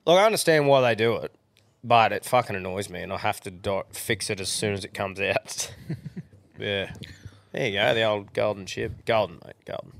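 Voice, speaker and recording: A podcast host with a fairly low, gravelly, slightly bright voice chats casually, recorded with no room sound. He's laid-back, swears heavily, and laughs easily.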